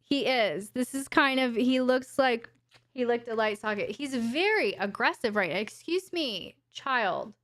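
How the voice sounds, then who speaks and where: A woman's voice: on the high side, animated, moderate pace, fairly bright tone, no room sound. A woman hosting a live question-and-answer stream from home, talking frankly and casually into a desk microphone. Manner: chatty, frank, talks to her dog in baby talk.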